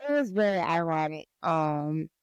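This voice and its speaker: A woman's voice: low voice, expressive, measured pace, clean tone, no room sound, rough recording. A woman from the American South hosting a podcast in a playful, giggly, teasing chat. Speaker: podcast host. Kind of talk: casual chat.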